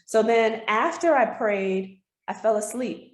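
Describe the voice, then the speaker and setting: A woman's voice: on the high side, slow. A woman giving a heartfelt personal testimony as an interview guest, telling her story earnestly. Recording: roomy echo.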